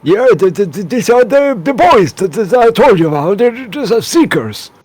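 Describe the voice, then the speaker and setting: A man voicing an excitable, fussy male halfling host in a tabletop game who gushes and trips over his words. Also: high-pitched, moderate pace, no echo, voice pushed up. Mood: flustered. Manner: gushing, flustered, stumbling over words.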